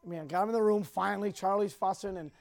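A man speaking to a group, telling a personal story in a rambling, halting, emotional way. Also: high-pitched, creaky.

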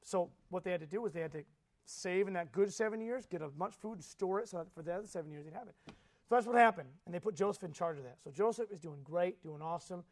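Male preacher, high voice, lively storyteller who quizzes the room and jumps from hushed to loud. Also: quick pace. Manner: animated storytelling, asks the audience questions; swings between soft and loud. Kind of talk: sermon.

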